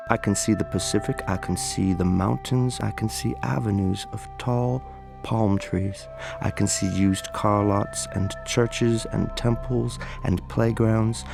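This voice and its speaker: Speaking with vocal fry at a fairly low pitch, a man performs a dramatic monologue from a film. His character is a weary, wistful gay storyteller who moves between fervent outbursts and quiet confessions.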